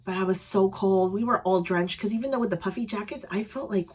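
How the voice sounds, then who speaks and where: A young woman vlogger casually telling a story to camera, animated and acting out voices, her voice a little strained. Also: brisk, slightly rough. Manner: animated, acts out voices with loud high yells. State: voice slightly strained.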